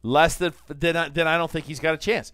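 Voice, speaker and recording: A man's voice: fairly high pitch, steady tone, brisk, a bit bright, clear, resonant tone, no room sound. A middle-aged man hosting casual sports talk, rambling through stories and arguing his points with rising energy. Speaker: sports talk show host. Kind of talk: casual sports radio banter.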